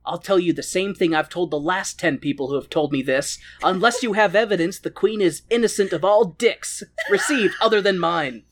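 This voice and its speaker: A podcast host voicing an exasperated middle-aged king who talks loudly. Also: medium pitch, normal speed, few pauses, lightly acted.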